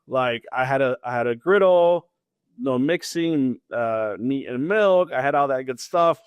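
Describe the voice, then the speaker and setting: A man's voice: medium pitch, a little slow, clear, resonant tone, dry recording, highs cut off. A man in his thirties, a podcast interview guest, tells his story casually, laughing often and acting out conversations. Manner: animated, laughs often, acts out dialogue.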